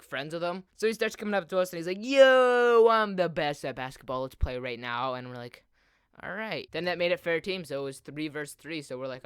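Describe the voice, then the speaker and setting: A man's voice: mid-range voice, a bit bright, clean tone, dry recording, studio quality. Rambling teenage boy, "like" every breath. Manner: rambling, constant "like" fillers. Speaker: gaming video host. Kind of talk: casual storytelling over gameplay.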